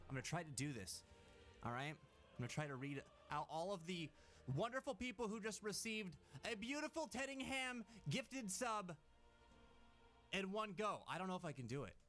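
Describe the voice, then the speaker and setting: A man chatting on a live stream, thanking viewers and breaking into excited shouted exclamations. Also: high voice.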